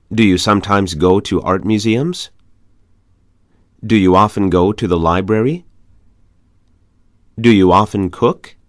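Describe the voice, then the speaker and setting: A man reading English conversation practice questions aloud in a measured, even way. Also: on the low side, dry recording, studio quality. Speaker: English lesson reader.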